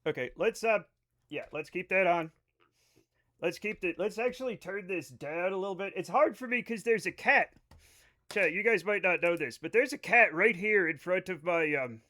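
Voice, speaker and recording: Male streamer, high bright voice, loose rambling chat to viewers, casual swearing. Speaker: livestreamer. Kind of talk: casual live-stream chat over gameplay.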